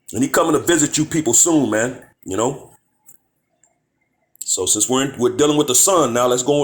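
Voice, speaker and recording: A man teaching from the Bible in a casual, conversational way, reading verses slowly and firing off rhetorical questions. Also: medium pitch. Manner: conversational, peppered with "man, you know"; reads verses slowly and deliberately. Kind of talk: informal scripture teaching.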